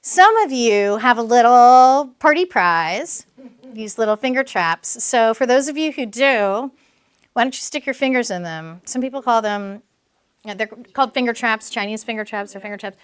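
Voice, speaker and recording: A woman in her fifties, a clinical social worker giving a public talk, animated and laughing often as she acts out dialogues. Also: on the high side, normal speed, smooth.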